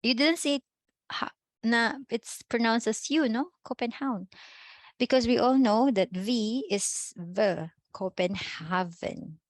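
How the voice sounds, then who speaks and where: A woman's voice: on the high side, a little slow, dry recording. A woman teacher with a Filipino accent giving an online class, mixing English and Filipino and checking in with "okay?" and "no?".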